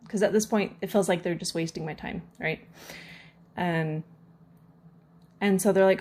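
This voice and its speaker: A woman's voice: fairly low pitch, fairly even intonation, normal speed, long pauses, a little mellow. A woman vlogger casually retelling a frustrating complaint story, with many fillers and acted-out quotes. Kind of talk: casual rant to camera.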